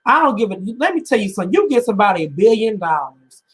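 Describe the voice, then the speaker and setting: A podcast co-host on a talk show speaks with raw emotion, close to tears, repeating himself as he builds toward urgent pleas in impassioned panel commentary. His voice is high, very animated, quick and fairly bright.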